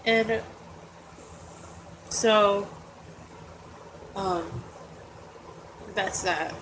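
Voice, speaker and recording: A woman's voice: mid-range voice, measured pace, a bit bright, a little hiss or hum, poor audio. Upset woman rambling through a story. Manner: rambling, upset, with many asides and fillers. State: holding back tears. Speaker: vlogger. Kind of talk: casual personal storytelling vlog. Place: her bedroom at home.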